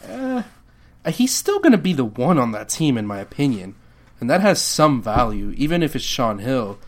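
Give me a relaxed male podcast co-host musing in casual chat. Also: mid-range voice, normal speed. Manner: laid-back, hedging with fillers.

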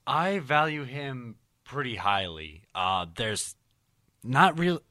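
A man's voice: mid-range voice, animated, slow pace, pushed and bright, dry recording, clean studio sound. A man co-hosting a casual sports podcast, easygoing and a little hesitant. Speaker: podcast co-host.

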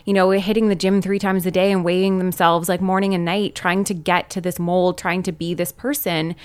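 A woman's voice: on the low side, little pitch movement, fairly quick, clear, resonant tone. A young adult woman talking as a podcast guest, telling heartfelt stories in an emphatic, casual way full of "like". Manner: emphatic, heartfelt storytelling with lots of "like". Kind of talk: casual chat.

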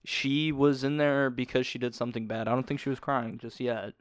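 A man's voice: medium pitch, steady tone, brisk, smooth, no echo, studio quality. A young man, a guest on a podcast, telling school stories in a casual chat, quoting the people in them and laughing along.

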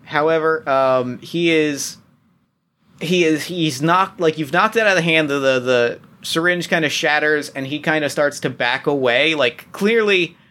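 A man narrating as game master, talking in halting bursts full of restarts and fillers. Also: fairly high pitch, pushed and bright.

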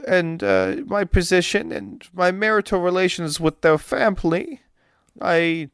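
A woman's voice: on the low side, very animated, unhurried, smooth, no room sound, studio quality, pitched above the performer's own voice. A man voicing a fussy older noblewoman with broken grammar, dramatic and evasive. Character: fussy older noblewoman with thick foreign speech.

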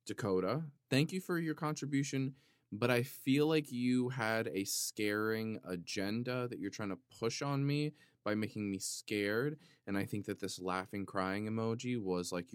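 Man, lowish voice, mock-indignant comedic vlogger, big swings from shouting to muttering, dry close mic. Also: clear, resonant tone, no echo. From Italian heritage. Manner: dramatic, playfully indignant, jumps between loud outbursts and muttering. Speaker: vlogger reading viewer comments. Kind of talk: casual comedic monologue.

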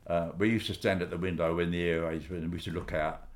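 An older man from England, casually reminiscing with family and telling stories in an animated voice. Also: quick pace. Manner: animated storytelling, voices quotes with big pitch jumps. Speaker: storyteller.

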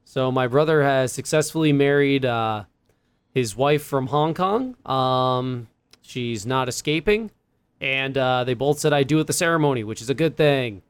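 A young man tells a long story on a podcast, full of fillers and quick laughs. His voice is smooth and resonant, and the recording is dry and close. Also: medium pitch, dry recording. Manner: rambling, many fillers and laughs. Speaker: podcast co-host. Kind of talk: casual storytelling chat.

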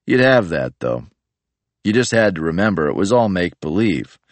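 A man narrating an audiobook in a deadpan, matter-of-fact way. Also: deep voice, moderate pace, no echo.

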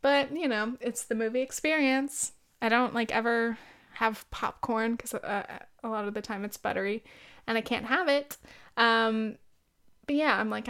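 Young woman, twenties, podcast host, casual rambling chat, smooth voice, slightly high. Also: moderate pace, fairly bright tone. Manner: rambling and candid, with many likes and ums.

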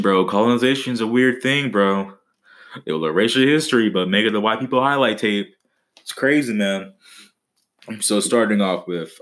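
Young male podcast host, deep voice, profane comic rambling. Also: fairly bright tone. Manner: profane, joking, with mock-dramatic outbursts. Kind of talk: casual comedic monologue.

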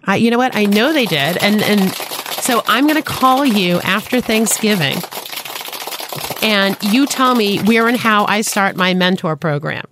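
A woman's voice: medium pitch, lively intonation, measured pace, noisy background. A woman with a Boston accent hosting a radio talk show, bubbly and enthusiastic, laughing often. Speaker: host. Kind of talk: casual radio show chat.

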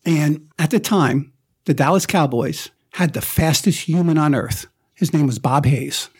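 A man's voice: fairly high pitch, a little slow, slightly rough. A man telling a childhood story in a casual chat as a guest, acting out the voices of his relatives as he goes.

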